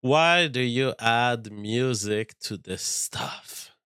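A man's voice: mid-range voice, extremely slow, pushed and bright, faint music behind. A man streaming, reacting to a video clip and reading viewer comments aloud, giving frank, argumentative commentary. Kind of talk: opinionated commentary.

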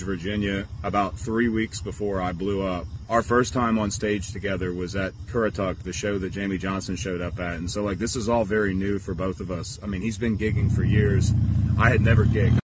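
Low-voiced man talking from a car. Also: steady tone, normal speed, background noise. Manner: candid, laughing often. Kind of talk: casual video statement. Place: parked car.

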